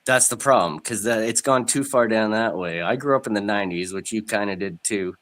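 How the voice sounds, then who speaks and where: A lowish-voiced man in his thirties from Canada talks through a stuffed-up nose from a cold. His casual livestream chat is blunt and full of swearing, and he laughs often between points. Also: a little fast, a bit bright. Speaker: stream guest.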